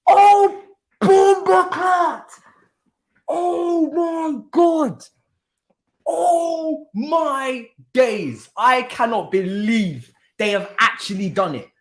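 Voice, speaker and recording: A man hosting a live football watchalong, swinging between low muttering and excited shouting and repeating his phrases in street slang. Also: extremely slow. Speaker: watchalong host.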